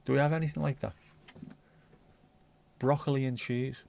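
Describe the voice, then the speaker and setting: A man's voice: mid-range voice, steady tone, moderate pace, creaky, darkish tone. A man hosting a livestream, chatting bluntly and rambling through viewer comments with the odd swear. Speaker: livestream host. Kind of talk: casual chat reading viewer comments.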